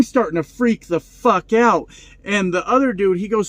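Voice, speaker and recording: A man of about forty, a truck driver vlogger, telling a story in casual, profane, animated style. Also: high-pitched, normal speed, no echo.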